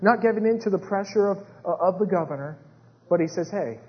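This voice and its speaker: A man preaching a sermon with dramatic swings between hushed retellings and rising intensity. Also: high-pitched, fast talker. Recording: dull sound with long hall reverb.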